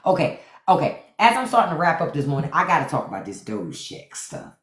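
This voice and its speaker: A woman's voice: low voice, big pitch swings, brisk. A woman talks to her live viewers in a sassy, mocking way, and her voice swings up and down a lot. She's recorded on a phone or webcam in a room with a noticeable echo. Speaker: host of a live stream. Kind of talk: casual live-stream commentary. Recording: echoey room.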